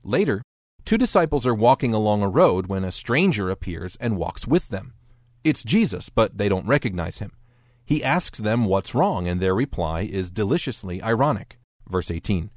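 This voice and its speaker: A man's voice: lowish voice, big pitch swings, normal speed, darkish tone, no echo. A man giving scripted narration as a lecturer, explaining texts in a dry, wry tone and voicing quoted speech briefly.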